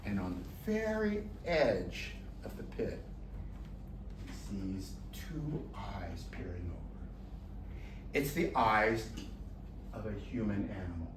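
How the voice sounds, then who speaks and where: A man telling a folk tale to an audience in a lively, expressive way, with slow, dramatic pauses. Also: fairly low pitch, a little hiss or hum. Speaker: volunteer storyteller. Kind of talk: animated storytelling to an audience. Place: luncheon hall. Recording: roomy distant room mic, faint ambience.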